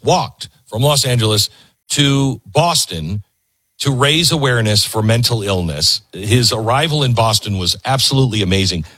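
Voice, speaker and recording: A man's voice: medium pitch, slightly rough, dry recording, clean studio sound. A man hosting a commentary show, talking emphatically to his audience between video clips. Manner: animated, emphatic, talks to the audience.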